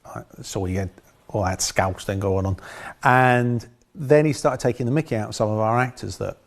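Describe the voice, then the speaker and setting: Man, low register, a director spinning dry, rambling interview anecdotes. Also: normal speed. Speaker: film director.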